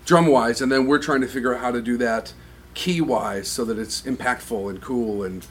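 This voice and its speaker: A man's voice: medium pitch, normal speed, slight background noise. A middle-aged man, a band's singer, talking casually in an interview and acting out what his bandmates say. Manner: animated, acts out bandmates' remarks.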